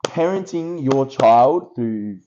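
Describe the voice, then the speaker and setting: A man's voice: medium pitch, animated, slow pace, mellow, slight background noise. A young Australian man co-hosting a podcast, brash and casual, swearing and calling his friend bro. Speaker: podcast co-host. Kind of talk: casual chat. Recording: dull lo-fi podcast audio.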